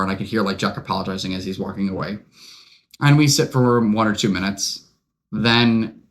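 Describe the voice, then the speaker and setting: A man's voice: fairly low pitch, a little hiss or hum. A young man co-hosting a podcast, telling a long anecdote in casual chat with lots of fillers. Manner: rambling, animated anecdote-telling with many fillers. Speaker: podcast co-host.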